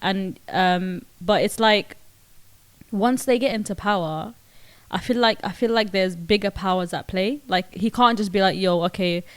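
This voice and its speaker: A woman's voice: medium pitch, moderate pace, no echo. A young woman, co-hosting a casual podcast and thinking aloud with many restarts. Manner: thoughtful, hesitant, many restarts. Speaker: podcast co-host. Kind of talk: casual chat.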